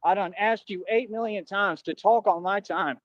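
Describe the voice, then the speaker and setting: A man with a high voice speaks defiantly in a replayed clip, using street slang and calling people bro. The sound is dull and muffled, yet dry and close. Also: moderate pace, dry recording. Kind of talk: clip played on a livestream.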